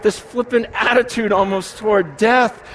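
A man in his forties preaching a sermon to a live congregation, animated and quick to act out the people he quotes, swinging between urgent and hushed. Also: sits high, a little hiss or hum. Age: 40s. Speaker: pastor.

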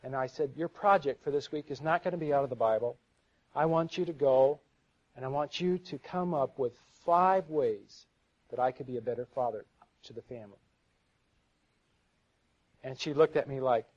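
A middle-aged man giving an earnest sermon-style talk to a live audience, telling stories and stumbling over repeated words. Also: fairly high pitch. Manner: earnest, storytelling, repeats words when stuck. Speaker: seminar speaker. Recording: dull lo-fi live recording.

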